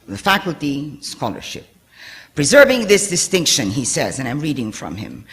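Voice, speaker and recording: A man's voice: a little high, a bit bright. A man giving a formal academic lecture in a hall, partly reading aloud, stressing key words and letting his voice fall at the ends of phrases. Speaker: university speaker giving a lecture.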